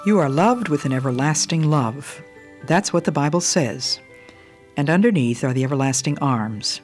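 An older woman teaching the Bible on a devotional radio program, slow, measured and earnest. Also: low-pitched.

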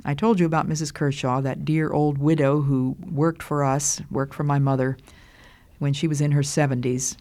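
An older woman giving a Christian devotional talk in a slow, deliberate, earnest way. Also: low-pitched, flat delivery, dark tone. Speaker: Christian speaker.

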